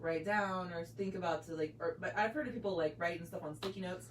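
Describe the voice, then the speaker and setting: A low-voiced woman talks quickly, asking loose, rambling questions peppered with "like." She sounds roomy and picked up from a distance, with faint noise behind her. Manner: rambling questions full of "like" fillers. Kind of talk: casual chat.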